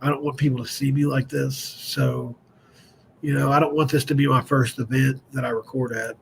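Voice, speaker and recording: Gravelly man chatting loosely. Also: medium pitch, little pitch movement, normal speed, a little hiss or hum. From West Virginia. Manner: candid and self-deprecating, loose and digressive. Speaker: host of a fan show. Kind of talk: rambling casual live-stream chat.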